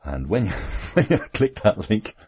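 A man's voice: lowish voice, sing-song, a little slow, darkish tone, slightly rough. A man, chatting casually on a livestream from home with many chuckles and rambling asides. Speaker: livestream host. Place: home, near the kitchen.

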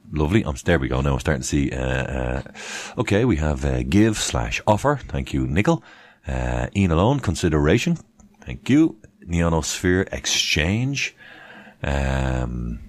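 A man's voice: rumbling low, dry recording. A man hosting a live stream, chatting casually, asking rhetorical questions and thanking viewers by name. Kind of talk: casual live-stream talk reading chat.

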